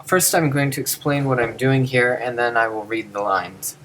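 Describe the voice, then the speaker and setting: A man's voice: medium pitch, normal speed, fairly bright tone, slight background noise, poor audio. A man giving a screen-recorded lesson, patiently explaining step by step. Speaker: teacher explaining ancient Greek verse.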